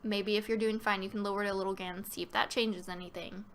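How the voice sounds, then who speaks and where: A woman's voice: medium pitch, flat delivery, quick pace, a little hiss or hum. A woman hosting a casual live-stream Q&A, talking loosely with many fillers and restarts and reading viewer questions aloud.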